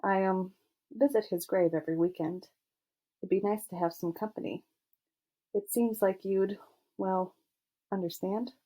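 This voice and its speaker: A woman voicing a gentle, earnest teenage boy football star in an audiobook, speaking softly and with some hesitation. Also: mid-range voice, unhurried, pauses often, close to an everyday voice. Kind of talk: audiobook character voice.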